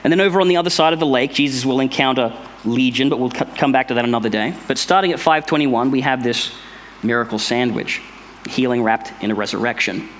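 A man's voice: mid-range voice, fast, a bit bright, slight background noise. A man giving an informal Bible study, explaining step by step in a thoughtful, conversational way. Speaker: Bible teacher.

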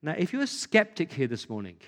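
A man's voice: fairly high pitch, huge pitch swings, brisk, a bit bright. A man preaching an Easter sermon, emphatic and full of rhetorical questions. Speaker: pastor. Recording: long hall reverb.

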